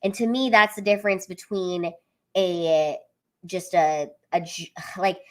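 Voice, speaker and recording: A woman's voice: on the low side, fairly even intonation, a little slow. A young woman comedian chatting casually on a live stream, full of fillers and reading out viewer comments.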